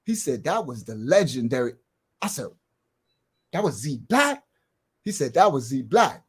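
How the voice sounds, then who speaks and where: A middle-aged guest tells his life story as a lively street tale, voicing the other people in it. His pace is measured and his voice has a breathy edge, rising to loud outbursts and dropping to low murmurs.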